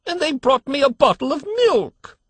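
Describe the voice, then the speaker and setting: A man's voice: very high-pitched, animated, normal speed, a bit bright, no echo, pitched above the performer's own voice. A man voicing a querulous, complaining old man with a cracked, quavering voice in a storybook reading. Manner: complaining, whiny.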